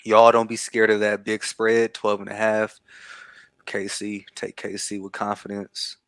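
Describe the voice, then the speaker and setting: A man's voice: on the low side, level tone, a little slow, a bit bright, clean tone, no room sound. A man co-hosting a casual sports picks chat, blunt and emphatic, swearing freely as he makes confident predictions. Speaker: co-host.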